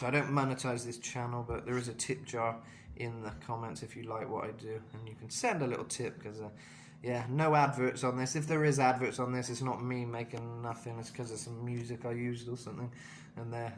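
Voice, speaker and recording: A man's voice: medium pitch, slight background noise. A man giving a casual vocal lesson in a chatty way, full of fillers and asides. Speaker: vocal coach.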